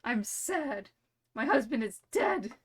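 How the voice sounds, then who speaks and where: A woman voicing a mopey, grieving male chess piece who talks slowly and melodramatically. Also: a little high, very animated, slightly rough, heavily acted. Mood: self-pitying.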